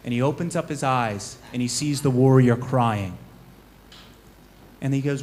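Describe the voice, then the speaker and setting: A man on a conference panel telling a parable in a lively storytelling manner. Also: mid-range voice, moderate pace, long pauses, slight background noise.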